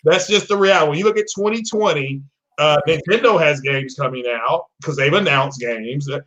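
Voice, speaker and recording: Rambling man co-host, slightly high voice. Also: moderate pace, fairly bright tone, lo-fi sound. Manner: rambling, hesitant, many ums and restarts. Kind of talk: casual chat.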